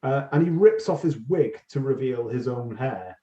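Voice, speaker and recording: Lively man in a roomy, dull recording. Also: mid-range voice, normal speed. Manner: swears freely, animated storytelling. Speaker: podcast co-host. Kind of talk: casual chat.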